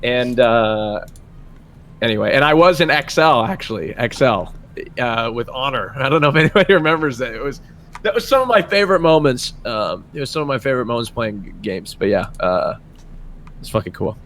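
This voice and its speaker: A man's voice: medium pitch, lively intonation, brisk, a bit bright, a little hiss or hum. A man chatting casually, rambling with many restarts. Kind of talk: casual chat.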